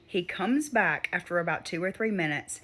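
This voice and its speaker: Woman, lowish voice, chatty nervous storytelling. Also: animated, normal speed, a bit bright, slight background noise. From Mississippi. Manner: anxious, acts out the other voices in quotes. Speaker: storyteller on social video. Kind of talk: casual storytelling.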